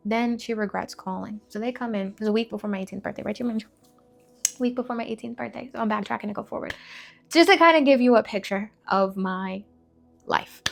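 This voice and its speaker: A woman in her twenties frankly sharing a personal faith testimony to camera, emotional and direct, with quick asides and repeated phrases. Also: fairly high pitch, vocal fry, soft background music. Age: 20s. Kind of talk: candid personal testimony vlog.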